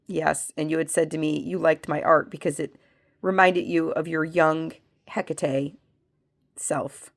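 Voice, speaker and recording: A woman who has a cold, working as a medium, leads a spiritual pendulum reading and asks slow yes-no questions that she answers herself. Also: low-pitched, steady tone, gravelly. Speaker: medium and reiki practitioner.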